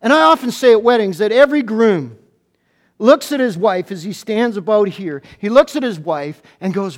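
A man preaching a sermon as a pastor to a congregation in church, animated and playful, often stumbling into quick restarts. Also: high voice.

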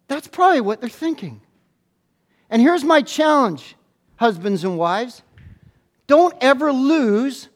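Very high-voiced male pastor preaching. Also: moderate pace. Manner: animated and playful, with stuttered restarts. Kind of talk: sermon. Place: church, speaking to a congregation.

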